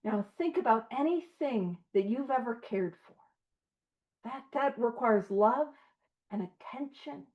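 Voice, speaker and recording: High-voiced woman leading a recovery study. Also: lively intonation, measured pace, lo-fi sound. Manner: earnest and emphatic, with asides and laughs. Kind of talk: conversational study talk. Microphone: video call.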